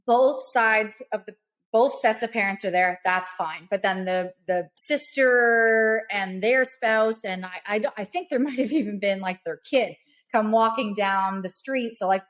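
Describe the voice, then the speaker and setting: A woman in her thirties, a podcast co-host and realtor, chatting casually and telling a story full of acted-out quotes. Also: medium pitch.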